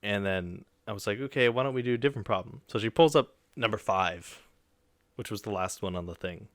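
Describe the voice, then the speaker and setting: A man's voice: lowish voice, a little fast, no echo, studio quality. A young man casually retelling a story on a podcast, acting out the people he quotes. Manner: animated retelling with quoted voices, swears mildly. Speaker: podcast co-host.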